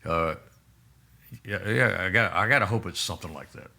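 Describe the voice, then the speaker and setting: Deep-voiced man telling a rambling story. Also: vocal fry, sharp tone. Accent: Texas. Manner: rambling, halting storyteller with many restarts. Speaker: musician guest. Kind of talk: storytelling in a casual interview.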